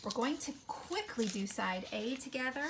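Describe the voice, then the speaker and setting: A woman teaching a phonics lesson to children, encouraging and sounding words out slowly syllable by syllable. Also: a little high, expressive, noisy background. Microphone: recorded video lesson.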